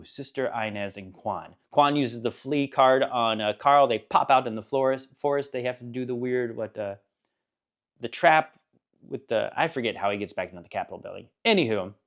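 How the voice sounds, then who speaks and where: A man giving a casual spoken book review, rambling and enthusiastic, laughing now and then at the funny parts. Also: medium pitch.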